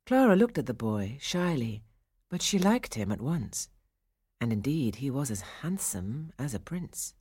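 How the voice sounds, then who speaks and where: A woman narrating a storybook in an expressive, measured storytelling manner. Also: a bass voice, slightly rough, no echo.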